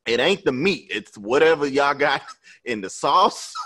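A man co-hosting a podcast, animated and emphatic, swearing freely in casual chat. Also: mid-range voice, unhurried. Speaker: podcast co-host.

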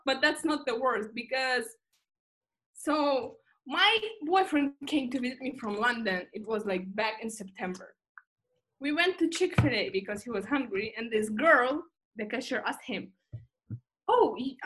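Young woman from Russia, high voice, animated storyteller, laughs often, casual podcast chat. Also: moderate pace. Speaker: guest.

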